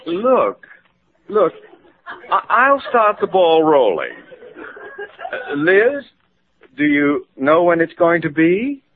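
An actor playing a jovial, nosy family friend in an old radio sitcom, hearty and coaxing. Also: male voice, fairly high pitch, very animated, takes it slowly, long pauses. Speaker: neighbor friend. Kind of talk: 1940s radio sitcom acting. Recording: tinny old radio broadcast with hiss.

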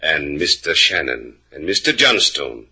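An actor playing a suave, menacing male villain, slow and sardonic with a husky voice, in 1940s radio acting. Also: very deep voice, very animated, pushed and bright, heavily acted.

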